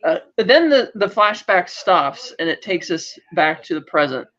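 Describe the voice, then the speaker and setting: High-voiced man rambling through a recap. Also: big pitch swings, normal speed, a bit bright. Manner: rambling, full of "like" and restarts. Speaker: podcast co-host. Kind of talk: casual recap chat. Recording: dull lo-fi recording.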